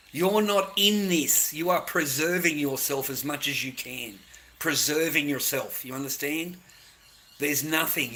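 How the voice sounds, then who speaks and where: Australian man, tense, somewhat high voice, repetitive mate-to-mate advice rant with swearing. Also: sharp tone, slight background noise. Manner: repetitive, lecturing, addresses listeners as mates, swears. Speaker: vlogger. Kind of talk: ranting advice monologue.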